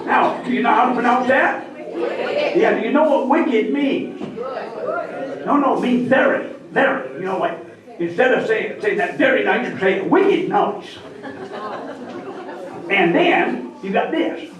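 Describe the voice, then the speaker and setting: Maine guy doing a comedy bit for a crowd, real high voice, slow drawl, big echoey hall with people all around. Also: animated. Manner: broad drawled joking, teasing the crowd with call-and-response. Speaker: humorist. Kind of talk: stand-up comedy lesson to an audience. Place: hall with a live audience. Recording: echoey hall, mic far off, crowd audible.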